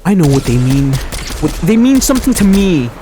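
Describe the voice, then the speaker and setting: A man's voice: high voice, very animated, normal speed, warm tone, a little hiss or hum. A man giving rambling, self-mocking commentary while replaying an old video game match. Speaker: gaming commentator. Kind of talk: casual gameplay commentary.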